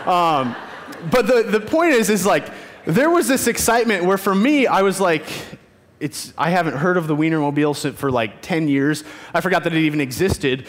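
A man's voice: a little high, lively intonation, moderate pace, in a large hall. A man preaching a sermon as youth pastor, telling stories earnestly with emphatic repetition, in a church.

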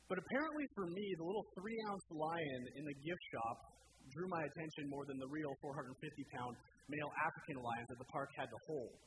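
A man's voice: a little high, expressive, brisk, noisy background. Conversational young man preaching a sermon. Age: 20s. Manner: conversational, with frequent restarts and rhetorical questions. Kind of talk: casual sermon.

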